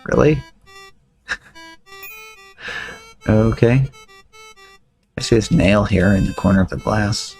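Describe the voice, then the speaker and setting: A man's voice: lowish voice, slow pace, vocal fry, long pauses, a little mellow, soft background music. A man playing through a game on a stream, chatty and joking as he reads on-screen text. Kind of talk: let's-play commentary.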